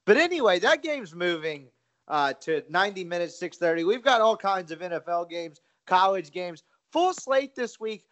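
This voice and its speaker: High-voiced chatty sports podcast host. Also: male voice, very animated, moderate pace, fairly bright tone. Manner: chatty, self-deprecating, rambling. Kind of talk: casual sports betting chat.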